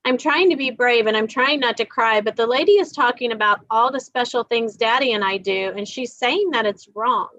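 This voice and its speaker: A woman reading aloud in the voice of a frightened nine-year-old girl, quietly and plainly. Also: on the high side, moderate pace, few pauses, dry recording, lightly acted. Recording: dull dry recording.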